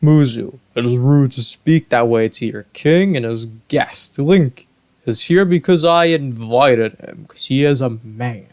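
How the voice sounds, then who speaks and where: A man's voice: mid-range voice, measured pace, darkish tone, no room sound, lightly acted. A man voicing an earnest, polite young male fish-folk prince in a video game.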